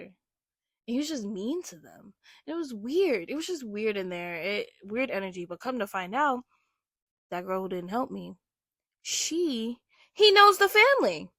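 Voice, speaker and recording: Animated young woman telling stories. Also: mid-range voice, dry recording, clean studio sound. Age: young adult. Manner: animated, emphatic, heavy use of "like". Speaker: vlogger. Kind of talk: casual storytelling.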